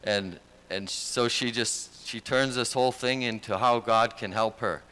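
A man's voice: mid-range voice, unhurried, bright, forceful tone, clean tone. A man preaching a sermon as pastor, speaking in an earnest, conversational way.

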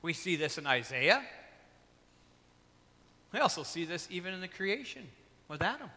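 Male pastor, bright and slightly high voice, chatty preaching with stories, church hall echo. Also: sing-song, moderate pace. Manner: conversational preaching, acts out Bible dialogue, asides and personal stories. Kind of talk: sermon.

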